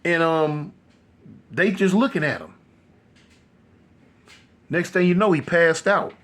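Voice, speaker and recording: A man telling a horror story casually, animated and loose with many fillers. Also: fairly high pitch, slow pace.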